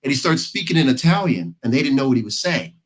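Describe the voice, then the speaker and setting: An American man on a panel speaks fast and expressively in a mid-range voice, making emphatic points through casual storytelling. The recording quality is low.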